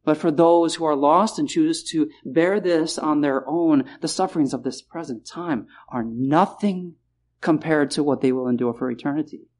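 A man preaching a sermon in a chapel, repeating key phrases and slowing down to stress words. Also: on the high side, a little mellow.

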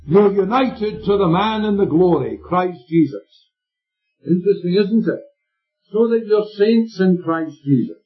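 A man's voice: sits high, measured pace. A man preaching a sermon with an emphatic delivery, checking in with his listeners through questions. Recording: dull lo-fi recording with faint music.

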